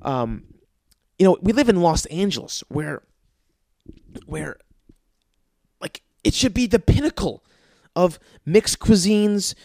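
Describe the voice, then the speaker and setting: A young man rants on his podcast, swearing nonstop and slipping into sarcastic mocking voices. His voice sits a little high. The recording is dry and close, with no room sound. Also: lively intonation, slow, vocal fry, long pauses, a little mellow, dry recording. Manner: swears constantly, mocks with sarcastic quoted voices. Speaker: podcast host. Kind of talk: profane comedic rant. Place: Los Angeles.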